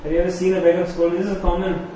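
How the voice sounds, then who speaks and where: A man preaching a sermon as pastor, emphatic, repeating key phrases and slowing down on them. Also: high voice, monotone, warm tone, slight background noise. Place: church sanctuary. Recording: very echoey hall, faint ambience.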